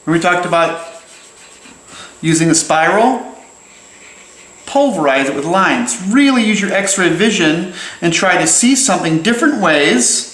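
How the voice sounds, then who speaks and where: Man, a bit high-pitched, teaching drawing in a loose, jokey way; echoey room. Good for a friendly tutorial read. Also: animated, measured pace, long pauses, a bit bright. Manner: playful, chatty, jokey asides. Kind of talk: casual drawing lesson while sketching.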